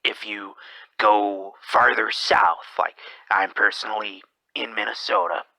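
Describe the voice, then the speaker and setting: A man with a gravelly, fried voice drifts through a brooding monologue at a very slow pace, often sinking into whispers partway through a sentence. His tone is sharp and tense rather than soft. The sound is dry and close. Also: lowish voice, steady tone, dry recording, low-quality recording. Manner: slips into whispers mid-sentence; rambling, hesitant delivery. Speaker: podcast host.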